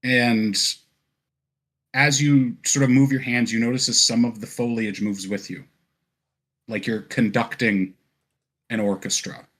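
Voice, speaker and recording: A man narrating a tabletop game as game master, relaxed and descriptive, with frequent fillers and laughs. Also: mid-range voice, a little slow, pauses often.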